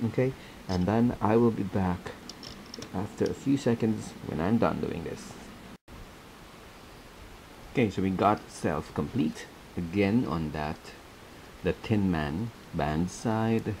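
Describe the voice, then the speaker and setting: A man's voice: deep voice, takes it slowly, a little mellow, slight background noise, poor audio. A man hosting a casual step-by-step craft tutorial, chatty and laughing often as he repeats his instructions.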